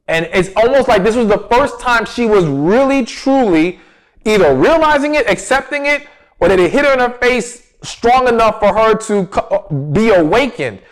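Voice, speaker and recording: Man, advice host, high-pitched, emphatic and direct, rhetorical questions. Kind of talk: direct-to-camera advice talk.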